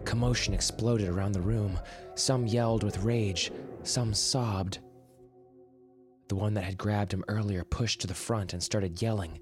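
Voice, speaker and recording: A man narrating a horror story in a measured, dramatic way, sometimes dropping to a whisper. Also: lowish voice, fairly even intonation. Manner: measured, dramatic, drops to a whisper for tense moments. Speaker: podcast host and story narrator. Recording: narration over clear music.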